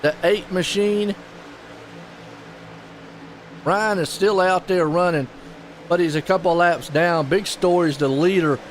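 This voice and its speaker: A man calling a live sim race play-by-play, excitable and folksy. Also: sits high, normal speed, slight background noise. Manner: excitable, folksy, puzzled asides. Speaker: race commentator.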